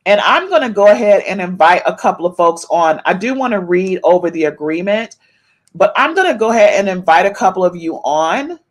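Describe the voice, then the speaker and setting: A woman's voice: fairly low pitch, very animated, a little fast. A woman hosting a casual live-stream gossip podcast, reading viewers' chat comments aloud and calling out meow to them. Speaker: podcast host.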